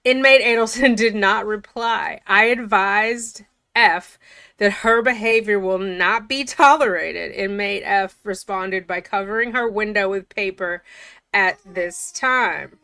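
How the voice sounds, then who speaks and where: A woman reads documents aloud and keeps breaking off into chatty, incredulous remarks. Her voice is bright and a little tense, sitting in the middle of the female range. The recording is close and dry. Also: medium pitch, slow, clear, resonant tone, no room sound. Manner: chatty, incredulous, often laughing. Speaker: commentator. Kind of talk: reading documents aloud with casual commentary.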